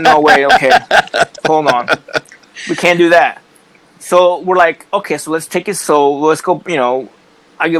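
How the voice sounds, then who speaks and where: A man's voice: on the high side, moderate pace, a bit bright, low-quality recording. A man, a wrestler, chatting casually on a podcast, rambling with lots of restarts and swearing. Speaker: wrestler guest.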